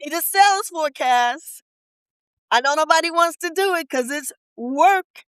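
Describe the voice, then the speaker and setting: A woman with a bright, high, forceful voice coaching in a podcast interview. She speaks bluntly and colloquially and fires off quick rhetorical questions. The sound is dry and close. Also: lively intonation, dry recording, low-quality recording. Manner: emphatic, rapid-fire rhetorical questions. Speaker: business coach guest. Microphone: podcast studio mic.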